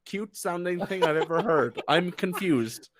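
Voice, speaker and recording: A man's voice: high-pitched, expressive, unhurried, a crowd in the background. An Irish man co-hosting a live stream, joking and teasing his friends with plenty of swearing. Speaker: podcast co-host. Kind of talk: casual chat on a live stream.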